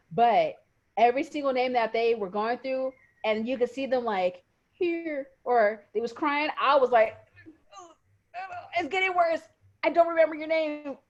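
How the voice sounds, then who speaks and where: Animated woman on a lo-fi call. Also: a little high. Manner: animated, emotional storyteller. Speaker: podcast co-host. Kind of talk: casual chat.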